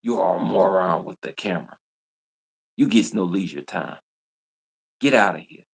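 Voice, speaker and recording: A man delivers a scolding, repetitive rant to his livestream viewers, hammering the same lines over and over. His voice sits very low, with a gravelly rasp. He sounds confrontational and relentless. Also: normal speed. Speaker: livestream host. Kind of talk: ranting livestream monologue.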